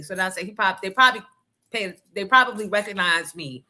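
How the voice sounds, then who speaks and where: A woman hosting a radio show, telling a story in a loud, animated, profane and blunt way. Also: medium pitch, fairly quick. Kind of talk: casual storytelling rant.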